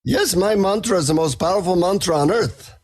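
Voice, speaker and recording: A man doing a grave Indian guru who hands out wisdom slowly and patiently. The voice is husky, with an Indian accent, and each word is weighed. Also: high-pitched, pitched above the performer's own voice. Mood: proud. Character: solemn male Indian guru, patient and wise.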